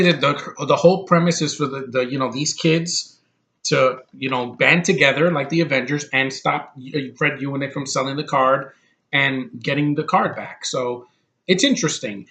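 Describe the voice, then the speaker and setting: A man's voice: fairly high pitch, sharp tone. A man giving a casual, rambling movie review, blunt and opinionated, swearing freely and stumbling over fillers and restarts. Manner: halting, with many fillers and restarts.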